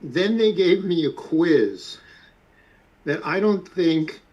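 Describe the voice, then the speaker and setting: A man chatting casually on a livestream and telling a calm travel story. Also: fairly high pitch, slow pace, dull audio, slight background noise. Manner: relaxed anecdotal storytelling. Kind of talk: casual chat.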